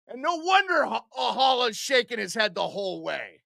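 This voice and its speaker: A man hosting a live hockey stream, ranting angrily at the referees with heavy swearing and frequent shouting. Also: very high voice, very animated, normal speed, vocal fry, few pauses, no room sound, studio quality. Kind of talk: angry live hockey commentary.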